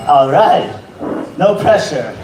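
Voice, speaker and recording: Rambling stand-up comic in an echoey bar. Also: male voice, fairly high pitch, background noise. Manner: rambling, halting, deadpan asides. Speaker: open mic comedian. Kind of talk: stand-up set. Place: bar comedy room. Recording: echoey room, distant mic.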